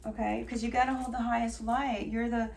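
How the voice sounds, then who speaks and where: A middle-aged oracle card reader talks casually about spiritual channeling, rambling emotionally and often trailing off before starting again. Her voice is a little high, gravelly, and slightly mellow, brisk with little pitch movement. She's far from the mic, with faint noise in the recording.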